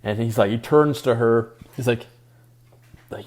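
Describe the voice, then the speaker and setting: A man's voice: mid-range voice, normal speed, darkish tone. A young man co-hosting a podcast, chatting enthusiastically about a movie with hesitant restarts. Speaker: podcast co-host. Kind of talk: casual chat about a movie.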